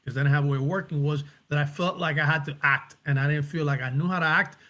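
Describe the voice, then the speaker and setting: Reflective man, slightly high voice. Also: steady tone, fast, pushed and bright. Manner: reflective, searching for words, restarts. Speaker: actor and director, guest. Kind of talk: casual interview talk.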